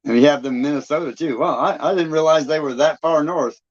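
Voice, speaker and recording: A man from Michigan hosts a live stream, chatting casually and folksily with viewers and laughing often. His voice is on the high side, his pace is quick, and the recording has a dull lo-fi sound.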